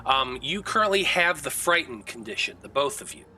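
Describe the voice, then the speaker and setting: A man's voice: medium pitch, sing-song, moderate pace, bright, forceful tone, faint music behind, rough recording. A man narrating a tabletop game as game master, describing scenes vividly.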